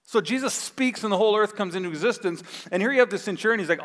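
A man preaching a sermon as pastor, telling a Bible story with animated acted-out voices. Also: sits high, quick pace. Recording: long hall reverb.

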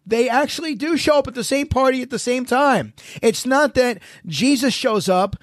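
A man with a high voice hosts a casual theology podcast. He talks with energy and keeps asking his co-hosts rhetorical questions. The recording is dry and close. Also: expressive, moderate pace, no room sound. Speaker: podcast host.

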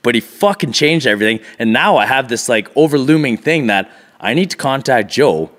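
A man's voice: medium pitch, lively intonation, fairly quick, fairly bright tone. A man in casual podcast conversation, talking in a plain mid-range voice. He speaks bluntly and swears freely. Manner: blunt and profane.

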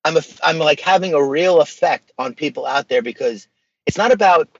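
Male podcast guest, husky, earnest and animated, dry slightly muffled audio. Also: a little high, normal speed, dry recording. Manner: earnest, animated storytelling with slang. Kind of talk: casual podcast conversation.

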